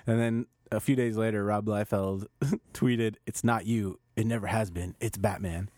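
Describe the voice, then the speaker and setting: A man's voice: fairly low pitch, steady tone, normal speed, darkish tone, no room sound. A man co-hosting a casual podcast chat, reading posts aloud and breaking into laughter, with frequent restarts. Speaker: podcast co-host reading news.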